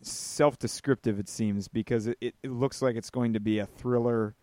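A man's voice: medium pitch, steady tone, normal speed, a little mellow, dry recording. A man co-hosting a casual movie chat, easygoing, reading trailer synopses aloud and giving opinions. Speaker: podcast co-host.

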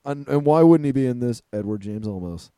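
A man's voice: medium pitch, animated, a little fast, mellow, clear, resonant tone, no echo, clean studio sound. A man hosting a casual movie-trailer chat, joking and laughing often as he leads each segment. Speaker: podcast host.

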